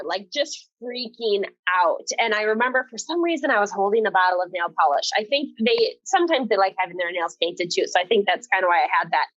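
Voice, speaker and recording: A woman in her twenties, a podcast guest, telling a personal story in an earnest, animated way and laughing often. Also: medium pitch, fast talker, hardly any pauses, no room sound, lo-fi sound. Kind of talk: casual conversational interview.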